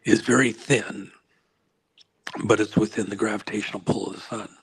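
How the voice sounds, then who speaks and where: A man being interviewed as a guest, explaining at length while losing his voice, often clearing his throat and pausing on fillers. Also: fairly low pitch, fairly even intonation, poor audio. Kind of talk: rambling explanatory interview answer.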